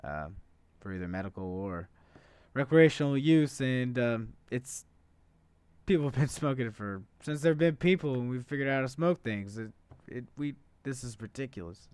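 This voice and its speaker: A man hosting a podcast alone in a loose, profane monologue, with plenty of uhs and asides. His voice is smooth and clean, at a middling pitch. The recording is dry and close, with no room sound. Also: animated, normal speed, a little mellow, no room sound. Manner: conversational and profane, many filler uhs. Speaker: podcast host. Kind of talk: casual political podcast monologue.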